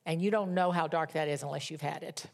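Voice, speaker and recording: A woman preaching a sermon and reading scripture dramatically, swinging from loud emphatic peaks down to hushed whispers. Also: low voice, steady tone, fast talker.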